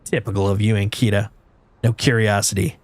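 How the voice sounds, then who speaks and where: A man's voice: fairly low pitch, fairly even intonation, brisk, natural voice. A man voicing a shaky, desperate man who pleads and justifies himself in a video game. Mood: pleading.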